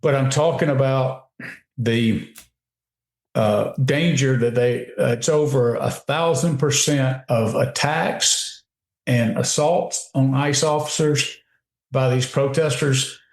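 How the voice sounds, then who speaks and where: A man's voice: mid-range voice, slow. A man giving emphatic, opinionated commentary on a radio talk show, often restarting his sentences. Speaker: guest commentator. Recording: roomy echo.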